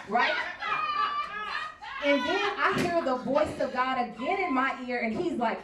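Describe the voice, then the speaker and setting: A woman performing a stand-up set, telling her stories in a brash, loud way with big swings in volume. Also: fairly high pitch, normal speed, recorded from a distance, a little hiss or hum. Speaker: stand-up comedian. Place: bar comedy stage before a live crowd. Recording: echoey bar room recorded from afar.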